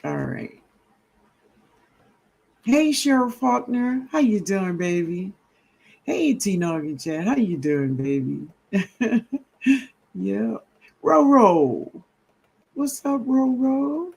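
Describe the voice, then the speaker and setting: A man hosting a casual gardening livestream, greeting viewers warmly and reading out their comments with a relaxed drawl. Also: sits high, slow pace, creaky, pauses often. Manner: drawling, greets viewers as baby, laughs often. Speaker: livestream host. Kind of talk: casual live-stream chat reading comments.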